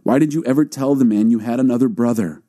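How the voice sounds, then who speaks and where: A man's voice: medium pitch, fast, mellow, natural voice. A man reading the lines of a grieving, fearful old father in a scripture reading. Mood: sorrowful. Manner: mournful, pleading.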